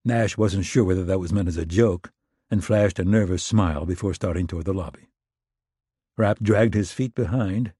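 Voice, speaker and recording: Low husky male thriller narrator. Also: moderate pace, dark tone, dry recording, studio quality. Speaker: audiobook narrator.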